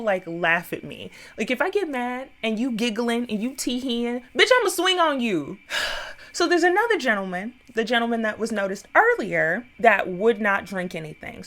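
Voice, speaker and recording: A young woman casually recapping a horror film, profane and animated, acting out quotes and dropping into sudden whispers. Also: mid-range voice.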